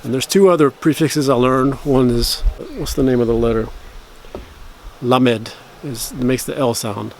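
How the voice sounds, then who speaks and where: A man's voice: mid-range voice, a little hiss or hum. A man chatting casually to camera about learning a language, explaining at length and correcting himself as he goes. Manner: rambling, self-correcting explanations; slow careful practice of phrases.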